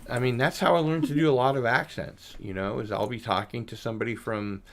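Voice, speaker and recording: A man's voice: mid-range voice, fairly even intonation, fairly quick, a little hiss or hum. A man hosting a casual livestream panel, telling rambling stories in a chatty, self-deprecating way. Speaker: stream host.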